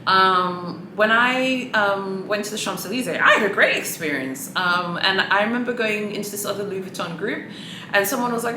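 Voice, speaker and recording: Sassy bright-voiced woman in echoey room. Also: medium pitch, animated, fairly quick, slight background noise. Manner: sassy, chatty, calls people "honey" and "boo-boo". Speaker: luxury handbag vlogger. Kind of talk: casual opinionated commentary.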